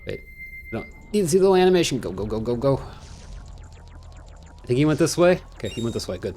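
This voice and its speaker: Excitable man commentating a game. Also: on the high side, fast talker, slight background noise. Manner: excitable, jokey, rambling, panicky outbursts. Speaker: gaming channel host. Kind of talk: casual let's-play commentary.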